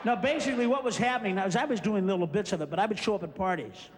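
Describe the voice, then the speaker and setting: A male stand-up comedian rants and screams through his routine on a club stage before a live audience, acting out scenes. His high voice comes rapid-fire with hardly any pauses, carrying a big-room sound amid the loud crowd and noise of the live show.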